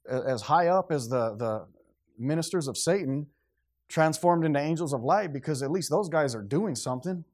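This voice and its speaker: A male pastor preaching in a loose, conversational way. He swings between raised, punchy lines and quiet, earnest ones, often slipping into acted-out quotes. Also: fairly high pitch, normal speed. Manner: conversational, animated, acts out quotes. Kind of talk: sermon.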